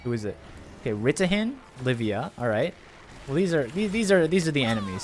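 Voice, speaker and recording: A man streaming a game live, chatting excitably and rambling with restarts, his voice jumping up on exclamations. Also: fairly quick, slight background noise. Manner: excitable, jumps up in pitch on exclamations. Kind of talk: live gameplay commentary.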